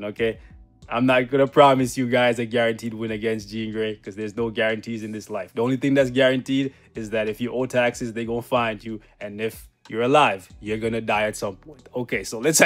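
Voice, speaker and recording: A young man giving casual, slangy commentary over his own gameplay, joking and breaking into loud laughs. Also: medium pitch. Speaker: gaming channel host.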